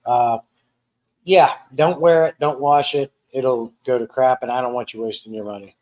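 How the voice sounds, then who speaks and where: A man's voice: medium pitch, fairly even intonation, normal speed, a little mellow, muffled recording. A man hosting a casual home live stream in an easy, rambling way. He often restarts his sentences and repeats words as he reads viewer comments aloud and chats. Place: dining room at home.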